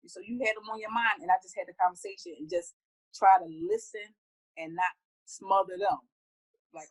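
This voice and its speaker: A middle-aged woman speaking heartfelt in a casual interview, often acting out her own conversations in a higher voice. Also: fairly even intonation, brisk, rough recording. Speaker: guest.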